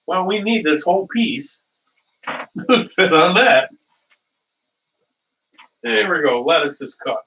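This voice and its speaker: A man's voice: a little high, bright, forceful tone, slight background noise. A man hosting a casual live cooking stream, rambling through stories and chuckling at his own dad jokes, from a distant mic.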